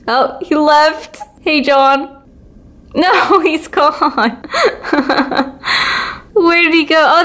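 Very slow-talking playful woman. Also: high voice, a bit bright. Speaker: gaming YouTuber. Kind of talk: casual gameplay commentary.

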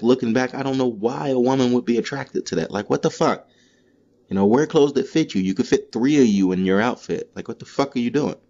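A man hosting a solo comedy podcast, delivering a profane, animated monologue. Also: mid-range voice, muffled recording. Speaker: podcast host. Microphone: solo podcast mic.

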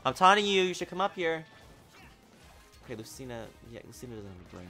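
A man giving live gameplay commentary, excitable and exasperated, breaking into sudden shouts. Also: medium pitch, fairly quick, faint music behind. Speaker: gaming video creator.

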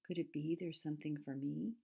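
A woman's voice: low voice, fairly even intonation, a little fast, gravelly, warm tone, breathy edge, exaggerated voice. A woman voicing a proud, boastful young buck deer in a storybook. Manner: boastful and sure of himself.

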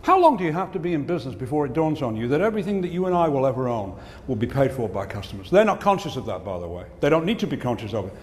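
A man's voice: medium pitch, big pitch swings, racing, few pauses, slight background noise. A man giving a comic business keynote at a conference, delivering jokes and punchlines. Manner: joke-telling, punchline delivery. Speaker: keynote speaker. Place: conference hall. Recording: reverberant hall, faint ambience.

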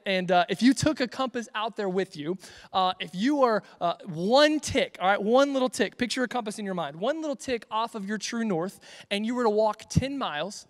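A man's voice: sits high, big-room sound. A young man giving a casual, joking youth sermon on a livestream, rambling and correcting himself as he goes. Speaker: youth pastor.

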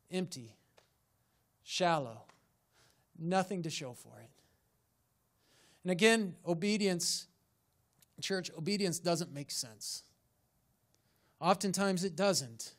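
A man, a pastor, preaching a sermon and pressing his congregation with rhetorical questions and rising emphasis in a church sanctuary. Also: high voice.

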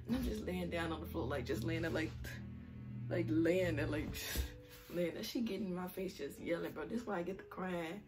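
A woman's voice: fairly low pitch, normal speed. A young woman telling a story in a casual, slangy way, laughing often. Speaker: vlogger. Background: music.

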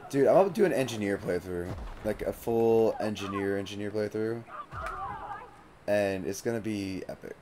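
A man's voice: fairly low pitch, normal speed, background noise. A man streaming a video game live, chatting casually and swearing freely as he plays. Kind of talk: casual live gameplay commentary.

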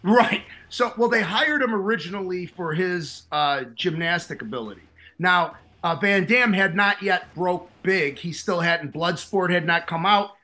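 Bright-voiced Chicago man. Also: sits high, a little slow, few pauses, soft background music. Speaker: co-host. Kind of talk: casual movie talk.

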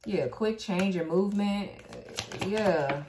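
A woman's voice: mid-range voice, takes it slowly, echoey room, noisy background. A woman giving a casual tarot reading, blunt and profane, who laughs and talks back to the cards as she goes. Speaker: tarot reader.

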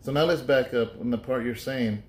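A man's voice: medium pitch, normal speed, slight background noise. Chatty pastor man in an echoey room. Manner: chatty and joking, thinks aloud with restarts. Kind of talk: casual Bible study talk.

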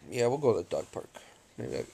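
A young man vlogging casually at home, speaking in a slow, low-key way and talking to his dog. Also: big pitch swings, vocal fry, mellow, slight background noise. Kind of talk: casual vlog chat. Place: at home indoors.

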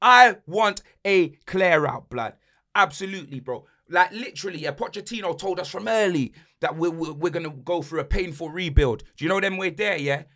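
A man's voice: sits high, normal speed, sharp tone. A young man hosting a football podcast, ranting angrily about his team's loss in heavy slang. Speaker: podcast host and football fan. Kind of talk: heated fan rant.

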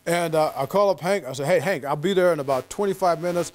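A man giving a lecture as an animated storyteller, acting out the voices of the people in his anecdote. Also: fairly high pitch, brisk. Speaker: guest lecturer.

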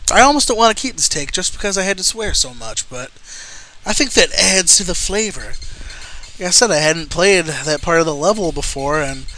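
A man's voice: a little high, expressive, moderate pace, pushed and bright. A young man giving casual gameplay commentary, explaining a boss fight and swearing in frustration at the game. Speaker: let's play commentator.

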